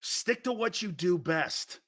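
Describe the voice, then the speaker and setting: A combative male sports talk host with a high, bright voice that swings wildly up and down. He fires off rhetorical challenges in an opinionated rant. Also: animated, takes it slowly.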